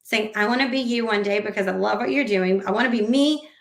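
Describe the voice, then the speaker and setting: Speaking fast in a medium pitch, a gravel-voiced woman trades casual interview chat on a podcast. She's lively and acts out what others told her, all captured in a roomy, echoey recording.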